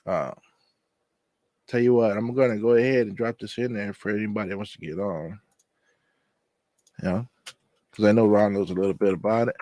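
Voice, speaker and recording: A man's voice: lowish voice, no room sound. A man hosting his own channel, talking in a loose, rambling, conversational way to people joining a live chat. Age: adult. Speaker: channel host. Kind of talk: casual livestream chat.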